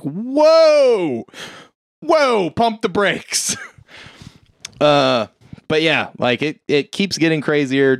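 Young guy, casual recap, profane and animated, squeaks up high for quotes, dry close sound. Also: clean tone, no echo. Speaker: podcast co-host retelling a film. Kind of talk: casual chat.

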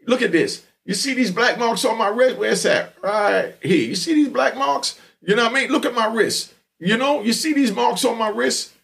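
A man hosting a show, telling a story in an animated, streetwise way and repeatedly checking in with the listener. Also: very high voice, normal speed, creaky. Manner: animated, streetwise, repeats "you know what I mean". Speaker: podcast host telling stories. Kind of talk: storytelling monologue.

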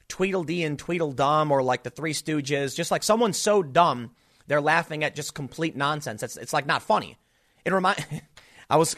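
A man's voice: a little high, a bit bright. A man giving a sarcastic, mocking political commentary monologue.

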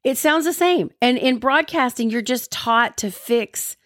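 A woman's voice: fairly high pitch, unhurried, dry recording, studio quality. A woman in her fifties from the American South, a former broadcaster co-hosting a podcast, chatty and playful, laughing often. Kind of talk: casual married-couple chat.

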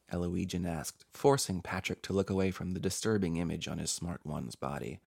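A man's voice: deep voice, fairly even intonation, normal speed, vocal fry, few pauses, a little mellow, no echo, clean studio sound. A man hosting a podcast, reading a scripted horror story in a theatrical, playfully sinister way.

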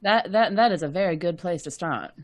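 A woman's voice: fairly low pitch, animated, fairly quick. A woman playing a tabletop role-playing game, speaking in a composed, dryly witty way. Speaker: player.

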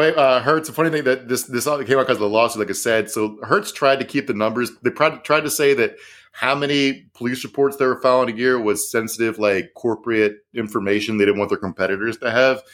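A man co-hosts a podcast and tells casual stories. He rambles, restarts his sentences and swears freely. His voice has an ordinary middle pitch. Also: brisk, a bit bright. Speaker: podcast co-host. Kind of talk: casual storytelling chat.

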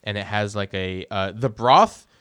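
Man, podcast co-host, smooth clear voice, dry close sound, rambling jokey chat. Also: lowish voice, a little slow, fairly bright tone, no echo. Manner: rambling, repeats words, jokey. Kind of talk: casual chat.

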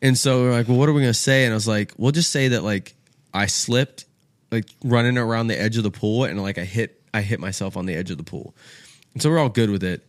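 A man's voice: lowish voice, fast talker, no echo, studio quality. A man, a podcast guest telling a rowdy story in casual chat, acting out the people he quotes and swearing freely. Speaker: podcast guest, golf apparel co-founder.

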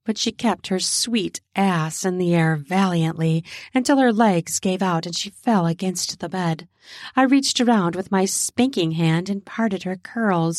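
A woman narrating an adult audio story in a slow, intimate reading. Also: on the low side, darkish tone, dry recording, studio quality.

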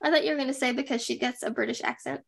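A young woman with a slightly high voice chats through a reality-show recap with plenty of sarcasm. She talks casually, full of "like"s, and slips into mocking impressions of the people she describes. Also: very fast, gravelly. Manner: chatty, sarcastic, animated impressions. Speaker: podcast co-host.

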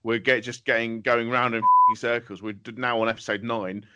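A man's voice: mid-range voice, level tone, moderate pace, pushed and bright, lo-fi sound, slight background noise. A man co-hosting a comedy podcast, ranting in an exasperated, sweary way. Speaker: podcast co-host. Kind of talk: casual comedy podcast banter.

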